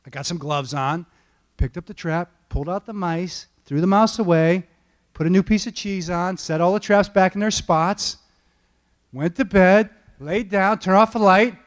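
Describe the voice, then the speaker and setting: A man with a noticeably high voice gives a motivational talk from an event stage. He tells stories in an animated way, checking in with the audience with "okay?" and "all right?" as he goes. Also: moderate pace. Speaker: football coach giving a keynote talk.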